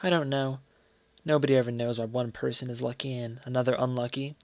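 Man reading a bitter, worn-down mother in a storybook reading; slow and dry. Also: medium pitch, steady tone, dry recording, natural voice. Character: bitter, weary mother of modest means.

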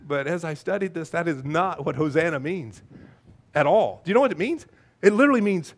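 A man preaching a lively, playful sermon as pastor, breaking into shouts and silly voices. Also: high-pitched, fast talker.

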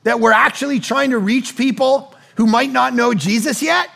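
A middle-aged male pastor preaches in a loose, conversational way, rolling from anecdote to anecdote with quick asides. His voice sits high for a man and carries a gravelly fry. He acts out the people in his stories with lively energy. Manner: conversational storytelling with rapid asides; animated, acts out quoted people. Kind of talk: sermon.

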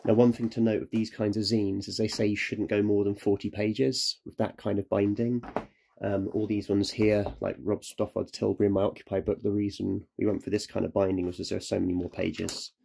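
Low gravelly man, rambling. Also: flat delivery, brisk, background noise. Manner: rambling, self-correcting, apologetic. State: ill. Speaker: photographer and self-publisher. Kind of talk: casual how-to vlog.

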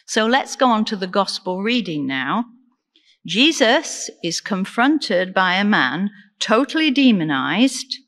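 Woman, deacon, sermon, unhurried delivery, earnest, church reverb trailing off. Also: medium pitch, sing-song, a bit bright. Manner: earnest, measured preaching with rhetorical questions. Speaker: deacon preaching.

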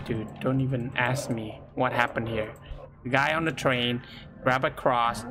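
A man commentating a horror game let's play, excitable, swearing and yelping at scares, in non-native English. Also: mid-range voice, rough recording. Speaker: gaming YouTuber. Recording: loud game music behind.

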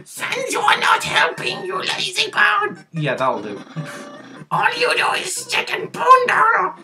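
A woman's voice: extremely high pitch, wildly swooping pitch, takes it slowly, vocal fry, over music, voice pushed up, heavily acted. A woman voicing a boastful, vain young male skeleton in a fan dub of a game, making grand, bossy declarations. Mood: scolding.

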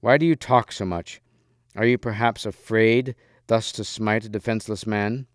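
A brave young knight speaking with earnest resolve, as a man reading a storybook aloud plays him. The voice is lowish, smooth and clear, recorded close and dry. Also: steady tone, moderate pace, no echo, close to an everyday voice. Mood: resolute.

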